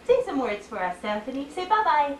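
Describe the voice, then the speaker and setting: A mother at home films her toddler on a camcorder, coaxing her with playful, sing-song prompts she keeps repeating. Her voice is high-pitched, very animated and brisk. The indoor recording is reverberant, with a little hiss or hum from the camcorder mic.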